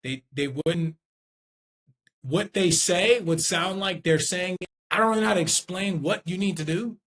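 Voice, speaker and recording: A man with a voice pitched a little higher than most men, talking through sales skills in loose, unscripted instruction. He thinks aloud, restarts his sentences, and keeps checking in with the listener. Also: measured pace, fairly bright tone. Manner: conversational, checks in with "okay?" and "right?". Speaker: sales trainer.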